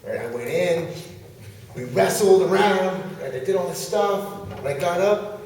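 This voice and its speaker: A man, a pro wrestler guest, telling an animated story and laughing as he goes, at a convention. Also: sits high, measured pace, slight background noise. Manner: lively, laughing as he tells the story. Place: large convention hall. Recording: echoey hall picked up from far off.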